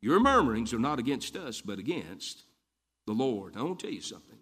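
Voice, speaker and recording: A man's voice: medium pitch, very animated, fairly quick, a bit bright, husky. Preacher guy giving a folksy sermon, says things twice to drive them home. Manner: folksy storytelling, repeats lines for emphasis. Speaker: Baptist preacher.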